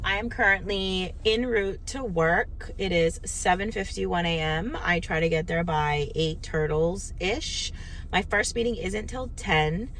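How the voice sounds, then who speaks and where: A woman's voice: lowish voice, unhurried, a bit bright. A woman vlogger chatting casually and rambling with lots of fillers while she drives, recorded on a phone. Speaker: lifestyle vlogger. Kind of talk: casual vlog storytelling. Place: inside a car while driving. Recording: car road noise behind.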